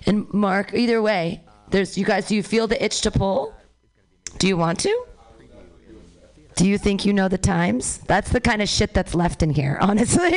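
A woman's voice: medium pitch, lively intonation, normal speed. A woman hosting a comedy open mic, loosely joking and teasing the comics as she brings the next one up.

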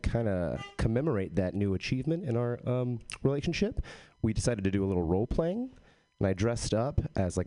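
A young man doing a stand-up set in a low, mellow voice. He delivers his jokes deadpan and haltingly, with plenty of ums and uhs. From Texas. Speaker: stand-up comic.

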